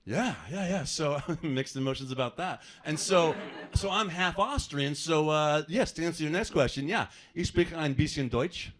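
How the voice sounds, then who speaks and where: On a comedy club stage, an American man does stand-up, chatting with the crowd and tossing in self-deprecating asides. His voice is on the high side and his pace moderate.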